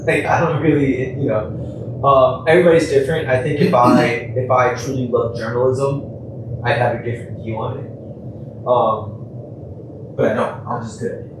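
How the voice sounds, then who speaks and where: A man's voice: medium pitch, steady tone, normal speed, background noise. A young man talking casually as a podcast guest, laid-back and profane, laughing often. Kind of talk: casual conversation. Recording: echoey room, voice from far off.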